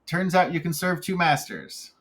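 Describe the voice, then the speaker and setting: A man hosting a caption contest panel, talking casually and haltingly, with many fillers as he reads entries aloud. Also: fairly high pitch, very animated, fairly bright tone. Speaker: contest host.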